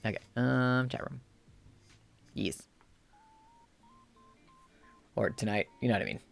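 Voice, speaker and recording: Chatty streamer with a gravelly voice. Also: expressive, takes it slowly. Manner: rambling, low-key and chatty. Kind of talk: casual game commentary.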